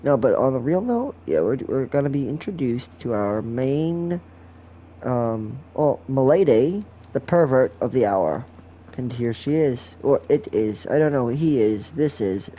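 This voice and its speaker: A man's voice: mid-range voice, lively intonation, unhurried, warm tone, slight background noise. A man giving casual, rambling game commentary on a livestream, full of crude jokes.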